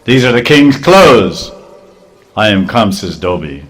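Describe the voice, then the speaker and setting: A man's voice: on the low side, fairly even intonation, fast talker, natural voice. A man voicing a king's washerman who is haughty and threatening, in a storytelling sermon. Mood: angry, threatening. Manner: indignant, threatening shouts. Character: haughty adult male washerman of a king.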